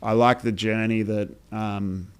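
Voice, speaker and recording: An Australian man, a brand founder, telling stories in a relaxed interview chat with many fillers and restarts. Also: on the low side, unhurried, clean tone. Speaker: brand founder, podcast guest.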